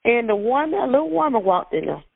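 A woman recounts events in a high, gravelly voice. She jumps up even higher when she acts out her own frantic pleading. The archive clip is dry and thin, like a phone line. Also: fairly quick, no room sound. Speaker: interviewee recounting an arrest. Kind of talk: emotional first-hand account.

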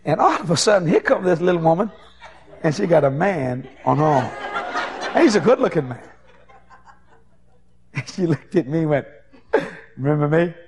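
A man preaching a sermon as an evangelist, telling folksy anecdotes in an animated way. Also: a little high, moderate pace, long pauses. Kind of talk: sermon storytelling.

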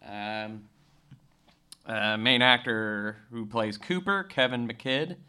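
Bright-voiced man reading podcast notes. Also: on the low side, takes it slowly, clean tone. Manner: reads notes, short replies, hesitant fillers. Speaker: podcast co-host. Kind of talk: casual chat.

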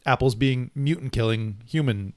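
A thoughtful man co-hosting a comic book podcast in a middling voice, recorded dry and close. He talks in a measured way, often restarting a phrase before he gets it out. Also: mid-range voice, darkish tone, dry recording. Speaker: podcast co-host. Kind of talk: casual comic book chat.

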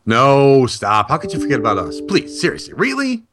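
A man's voice: mid-range voice, lively intonation, fairly quick, music in the background. A man co-hosting a talk radio show, joking and teasing in casual banter.

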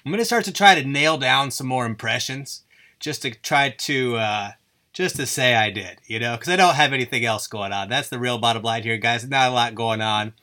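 A man's voice: mid-range voice, normal speed, sharp tone. A man hosting his own podcast, rambling through a goofy, self-deprecating solo monologue. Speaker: podcast host.

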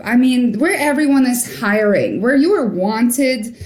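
A woman's voice: a little high, animated, a little slow, a little mellow. A young woman from Norway, a podcast guest, telling a story with animation and acting out the quoted voices. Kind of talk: storytelling interview. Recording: roomy echo.

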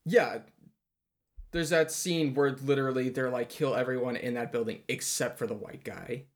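Male podcast co-host, wry casual delivery, mid-pitched everyday voice. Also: steady tone, moderate pace. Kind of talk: casual movie-review chat.

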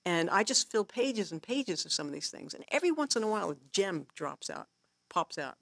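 A woman guest teaching songwriting in a casual workshop talk, animated and laughing often, acting out her own inner thoughts as she tells stories. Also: fairly low pitch, fairly quick, vocal fry, no echo. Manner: laughs often while explaining.

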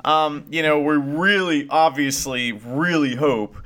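A man's voice: a little high, slow pace, fairly bright tone. A man co-hosting a podcast, rambling through casual wrestling chat and swearing freely. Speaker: podcast co-host.

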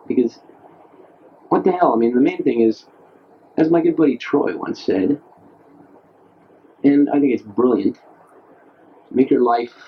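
A man talking late at night into his own audio diary, musing and self-mocking, pausing and leaning on certain words as he speaks to an imagined radio audience. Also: medium pitch. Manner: musing and wry, pauses and leans on certain words. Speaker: maker of a personal audio diary tape. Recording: dull lo-fi cassette tape recording.

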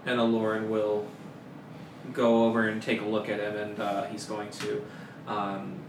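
A man's voice: on the low side, completely flat delivery, unhurried. Hesitant man running a tabletop game. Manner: loose, hesitant, lots of ums. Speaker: game master. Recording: roomy and noisy.

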